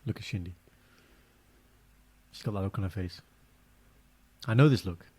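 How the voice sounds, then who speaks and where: A young man co-hosting a casual podcast, telling animated stories and acting out quotes in a high voice. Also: normal speed, a little hiss or hum. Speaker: podcast co-host. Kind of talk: casual chat.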